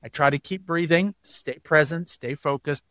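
A man's voice: a little high, moderate pace, fairly bright tone, no echo. A man as an interview guest, explaining at length and acting out quoted voices as he tells stories. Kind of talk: podcast interview.

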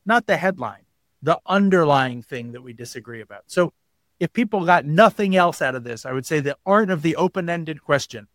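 A man's voice: on the high side, no room sound. A man as an interview guest, explaining at length and acting out quoted voices as he tells stories. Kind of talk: podcast interview.

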